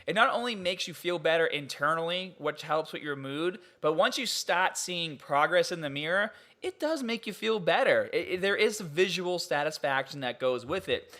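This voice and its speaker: Young guy hosting a podcast, bright sharp tone, fairly high voice, keeps laughing in disbelief. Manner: animated, incredulous, laughs often. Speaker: podcast host. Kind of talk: casual podcast chat.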